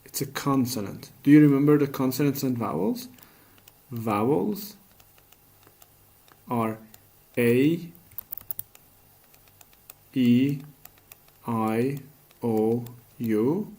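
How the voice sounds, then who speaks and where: Male teacher, patient classroom voice, unhurried, asks and answers his own questions. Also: mid-range voice, animated, dark tone. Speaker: English teacher. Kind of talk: classroom grammar lesson.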